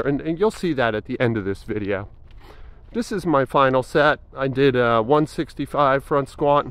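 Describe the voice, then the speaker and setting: A man in his forties talking casually in a fitness vlog, thinking aloud with frequent fillers and restarts. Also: medium pitch. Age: 40s. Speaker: fitness vlogger.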